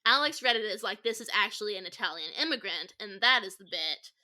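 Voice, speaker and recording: Bright-voiced woman steering the chat. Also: medium pitch, animated, fast talker. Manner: guiding the talk, with frequent ums. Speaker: podcast host. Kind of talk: casual discussion.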